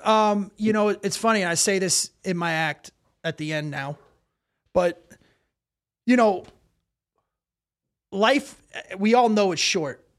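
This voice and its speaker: A middle-aged man hosting a casual comedy podcast, telling stories in an animated way, swearing and acting out quotes loudly. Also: high voice, takes it slowly, long pauses.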